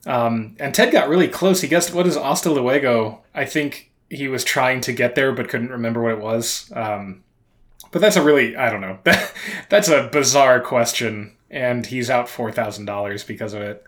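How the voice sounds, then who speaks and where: Podcast co-host, man, dry wit, halting delivery with restarts. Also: medium pitch, fairly bright tone. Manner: wry, dry sarcasm with many restarts. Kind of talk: casual podcast chat.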